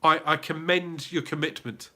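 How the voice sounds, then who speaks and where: A man's voice: on the high side, steady tone, moderate pace, pushed and bright. A man with a British accent hosting a YouTube livestream Q&A, reading out viewers' comments and greeting them by name in a chatty way. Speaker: YouTube channel host.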